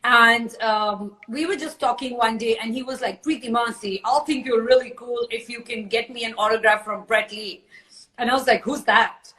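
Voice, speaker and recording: A woman in her forties chats on a phone, telling her side of a story. Her voice sits a little high, and her talk is full of "uh" and "um" as she works through it. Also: moderate pace, pushed and bright, low-quality recording. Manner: chatty storytelling, many fillers. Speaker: live stream host. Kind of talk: casual chat on a live stream.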